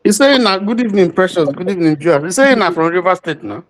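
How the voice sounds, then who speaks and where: A man's voice: high voice, animated, quick pace. A Nigerian man joining a livestream discussion as a guest, talking conversationally in a mix of Pidgin and English. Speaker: guest caller.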